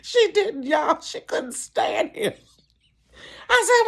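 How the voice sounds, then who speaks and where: Animated, high-voiced woman telling a story. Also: unhurried. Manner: animated, laughing, big swings in pitch. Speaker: vlogger. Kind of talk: storytime vlog. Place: bedroom.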